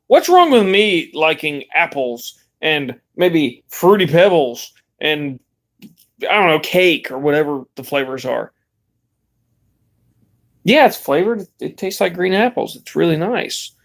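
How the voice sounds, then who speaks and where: A young man vlogging in a rambling, laid-back way, swearing casually as he chats. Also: a little high. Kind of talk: casual vlog chat.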